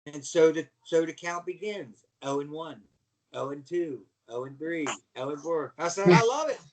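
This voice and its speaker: A middle-aged man with a fairly high voice tells wrestling stories on a podcast. He acts out every character, shouts and laughs, and jumps from quiet asides to loud outbursts. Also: normal speed. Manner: animated storyteller acting out voices, yelling and laughing. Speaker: guest, former pro wrestler. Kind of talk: storytelling on a podcast.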